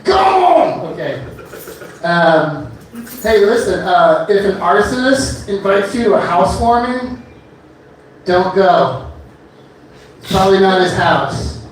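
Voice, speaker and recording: A man's voice: high voice, expressive, slow, pauses often, slight background noise. A man performing a stand-up comedy set on a bar stage, rambling loosely with many fillers between one-liners. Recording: echoey club room from far off.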